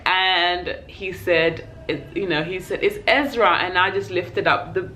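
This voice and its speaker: A woman's voice: on the low side, measured pace, hardly any pauses, pushed and bright, poor audio. A young woman with a London accent, a vlogger telling an emotional personal story in a heartfelt, tearful way. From England. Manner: tearful, heartfelt, acts out voices in her story.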